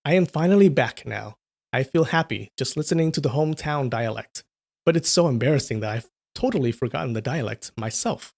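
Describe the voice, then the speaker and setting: A man's voice: medium pitch, expressive, fairly quick, vocal fry, a little mellow. A man voicing a polite, humble gray-haired old innkeeper in a storybook reading.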